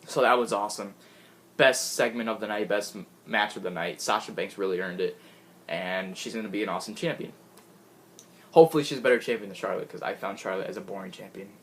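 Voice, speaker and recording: A man giving an excitable, gushing casual recap of a show he watched, laughing often and restarting his sentences. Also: on the low side, quick pace, slight background noise. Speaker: wrestling fan recapping a show.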